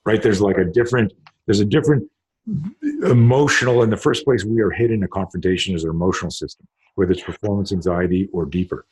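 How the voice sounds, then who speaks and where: A man's voice: deep voice, fast, a little mellow, breathy edge. A man hosting a conversation as a self-defense instructor, explaining in a rambling way with many restarts. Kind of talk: casual conversation.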